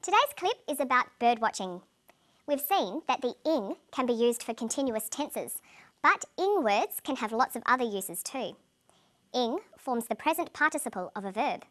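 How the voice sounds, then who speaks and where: A woman with a fairly high voice hosts a scripted English lesson. She speaks clearly and carefully, pronouncing each word for learners. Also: very animated, fairly bright tone. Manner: clear, measured, carefully enunciated delivery. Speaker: English language teacher presenting the lesson. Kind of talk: scripted educational presenting.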